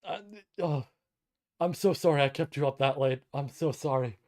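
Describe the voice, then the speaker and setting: A man's voice: mid-range voice, moderate pace. A man streaming a live reading, reacting with overwhelmed, swearing, emotional outbursts. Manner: loud bursts of excitement. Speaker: streamer reading a light novel aloud.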